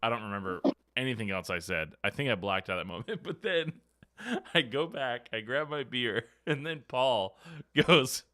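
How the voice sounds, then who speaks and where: A man's voice: mid-range voice, lively intonation, normal speed, pushed and bright, no echo, clean studio sound. A man hosting a podcast, telling a story in casual chat, acting out quotes and swearing freely. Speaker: podcast host. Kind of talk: casual chat, animated anecdote.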